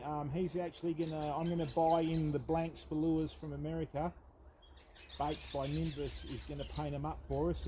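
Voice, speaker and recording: A man's voice: fairly high pitch, warm tone, a little hiss or hum. A man, streaming live while fishing on a river and chatting with his viewers in a casual, laid-back way. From Australia. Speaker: fishing livestreamer. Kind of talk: casual livestream chat. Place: outdoors by a river. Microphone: phone.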